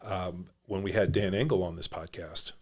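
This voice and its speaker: Deep voiced guy hosting a podcast, swears a lot, rambly and blunt. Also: steady tone, normal speed. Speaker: podcast host. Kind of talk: casual podcast chat.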